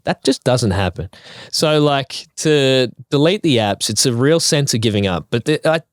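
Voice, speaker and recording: A man's voice: medium pitch, lively intonation, normal speed, no room sound, studio quality. A young man with an Australian accent, co-hosting a podcast in casual chat, joking and laughing often. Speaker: podcast co-host.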